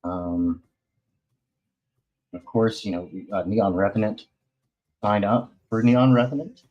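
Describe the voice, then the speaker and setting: A man's voice: lowish voice, slow, darkish tone, lo-fi sound. A man hosting a comics talk stream in casual chat, rambling, loose and slangy, with many fillers.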